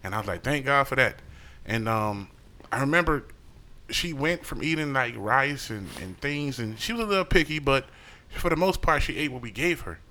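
Animated, bright-voiced storytelling man. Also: medium pitch, moderate pace. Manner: animated, profane, acts out quotes. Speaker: podcast co-host. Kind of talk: casual storytelling chat.

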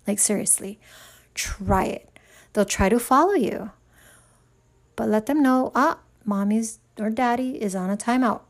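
A woman's voice: fairly high pitch, a little slow, pauses often. Woman talking to camera, frank and emphatic, giving parenting tips. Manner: frank, emphatic, talks straight to the listener. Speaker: parenting advisor. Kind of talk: direct advice monologue.

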